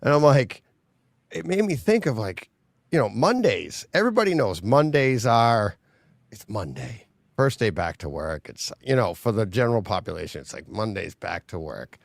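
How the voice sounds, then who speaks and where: A man hosting a podcast in casual chat, animated and laughing often as he talks. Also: fairly low pitch, normal speed, creaky, no echo. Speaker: podcast host.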